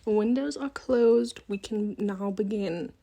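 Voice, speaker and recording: A podcast host in her twenties speaks in a mid-range, creaky, mellow voice at a measured pace, with slight background noise behind her. It's a casual, rambling chat full of laughter and whispered asides, captured on a handheld phone in a room with windows at home.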